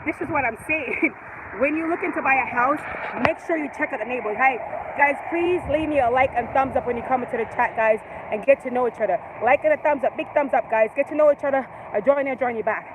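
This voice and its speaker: A woman's voice: high voice, quick pace. A woman in her forties with a Jamaican accent, chatting casually and rambling on a live stream while she walks outdoors, laughing often. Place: outdoors on a residential street. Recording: outdoor street noise with passing traffic.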